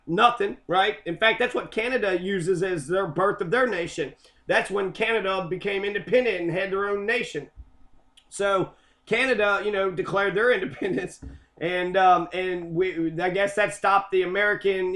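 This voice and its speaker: A man's voice: high-pitched, a bit bright. A man from Kentucky giving a heated, sarcastic, profanity-filled monologue about local history. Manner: heated, sarcastic, constant swearing.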